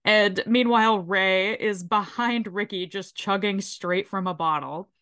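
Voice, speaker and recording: Woman podcast co-host, sore throat, animated casual recap, mid-pitched. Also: measured pace, smooth. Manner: animated, swears freely, briefly mimics characters while retelling. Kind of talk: casual chat recapping a show.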